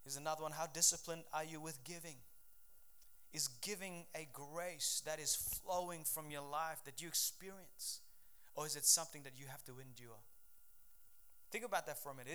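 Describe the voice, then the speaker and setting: A middle-aged pastor preaching a sermon in a fervent, conversational way, with frequent restarts. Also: male voice, on the high side, pushed and bright, clean tone.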